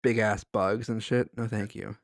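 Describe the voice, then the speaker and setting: A man's voice: lowish voice, steady tone, normal speed, vocal fry, no room sound, studio quality. A man co-hosting a podcast, telling a story in a loose, rambling way with lots of filler words. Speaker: podcast co-host. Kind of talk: casual chat.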